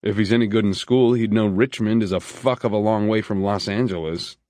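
A man voicing a gruff, skeptical male freight worker who talks bluntly and dismissively. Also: lowish voice, steady tone, fairly quick, mellow, no room sound, studio quality, natural voice. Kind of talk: audiobook character voice.

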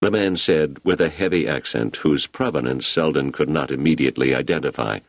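A man reading a story aloud in a steady, measured voice as an audiobook narrator, recorded on a close microphone. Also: a bass voice, dry recording. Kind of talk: scripted narration.

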